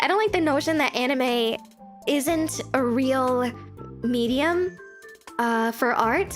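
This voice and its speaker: Young female streamer, high bright pitch, bubbly and giggly, relaxed casual chat over a desk mic. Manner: bubbly, giggly, animated, quick pitch jumps when excited. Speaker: VTuber streamer.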